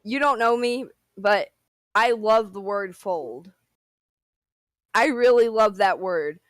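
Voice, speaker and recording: A woman's voice: medium pitch, slow, no room sound. A young woman co-hosting a casual chat, playful and chatty with lots of 'like'. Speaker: co-host.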